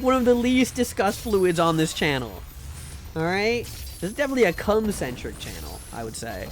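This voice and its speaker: A man's voice: on the high side, big pitch swings, measured pace, a little hiss or hum. A man streaming a game live, joking around as he plays and reads chat, often repeating words while he talks. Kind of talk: live gameplay commentary and chat reading.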